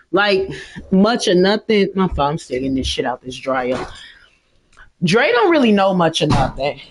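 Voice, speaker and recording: A middle-aged woman chatting casually and profanely to her stream audience while gaming, laughing at her own jokes. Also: mid-range voice.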